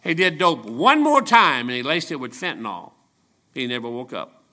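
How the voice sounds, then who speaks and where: A man's voice: mid-range voice, big pitch swings, normal speed, sharp tone. A man, a traveling evangelist, preaching a sermon in a church in a folksy, storytelling way, often restarting his sentences.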